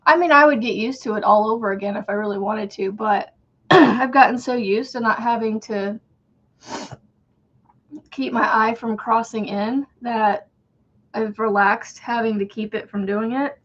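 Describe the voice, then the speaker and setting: A woman's voice: fairly high pitch, fairly even intonation, a little slow, dull audio. A woman hosting a crochet livestream, chatting casually, greeting viewers by name and counting stitches under her breath.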